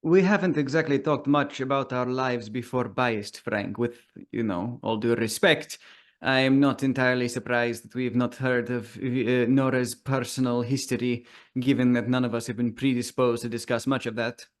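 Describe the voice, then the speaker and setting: A man voicing a calm, formal male companion, speaking in a measured and courteous way. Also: medium pitch, lightly acted.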